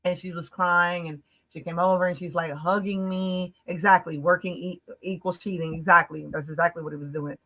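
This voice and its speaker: A woman from the United States recounts a personal story on a podcast. Her voice is bright and forceful, with casual, emphatic, run-on phrasing full of "like" fillers. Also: fairly low pitch, steady tone, poor audio. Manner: emphatic, fast-flowing, frequent "like" fillers. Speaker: podcast guest.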